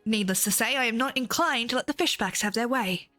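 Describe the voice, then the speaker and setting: A woman's voice: a little high, brisk, pushed and bright, soft background music. A woman reading aloud the lines of a stern, commanding female admiral in archaic, formal speech. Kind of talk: reading game dialogue aloud.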